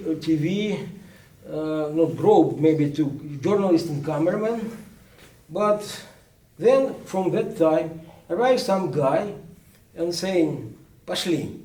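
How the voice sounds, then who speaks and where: A man, a journalist recounting events at a book presentation in a halting way, full of restarts. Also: high-pitched, warm tone. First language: Ukrainian. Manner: halting, many restarts and fillers. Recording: echoey room, speaker far from mic.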